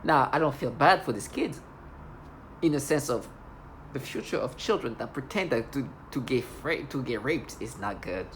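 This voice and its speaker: A woman with a very low voice delivers a rambling, accusatory rant straight to the camera. She sounds agitated and keeps circling back to her complaints, with faint noise in the background. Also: lively intonation, moderate pace. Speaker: video blogger. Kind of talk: angry monologue to camera.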